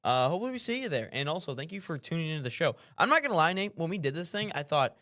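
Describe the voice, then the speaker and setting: A man's voice: a little high, big pitch swings, racing, bright, forceful tone. A man co-hosting a live show, talking in an easygoing, chatty, upbeat way. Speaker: co-host. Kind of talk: casual live show chat.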